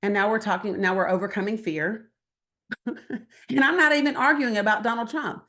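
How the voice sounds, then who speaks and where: An animated woman leads a workshop talk, her voice swinging widely as she throws questions out to the room. She speaks in a conversational way and acts out little exchanges of dialogue, with a pitch that sits in a middle range for a woman. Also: normal speed. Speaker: guest speaker at a political training. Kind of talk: lively workshop talk to an audience.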